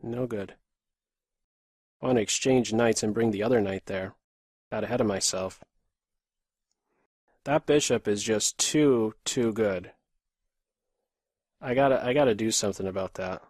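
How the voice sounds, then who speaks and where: A man's voice: fairly low pitch, unhurried, long pauses, darkish tone, no echo, studio quality. A man in his thirties from Pennsylvania, USA, streaming live chess and muttering terse running commentary on his moves. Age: 30s. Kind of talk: live commentary while playing bullet chess.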